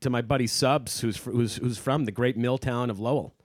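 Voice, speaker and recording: A man's voice: mid-range voice, brisk, no echo, studio quality. A man co-hosting a podcast in casual chat, rambling and hesitant, full of fillers. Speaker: podcast co-host.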